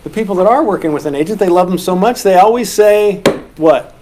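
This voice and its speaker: High-voiced joking man teaching a class. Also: brisk, noisy background. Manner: animated, joking, acts out quoted lines. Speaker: real estate instructor. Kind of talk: classroom teaching with audience questions.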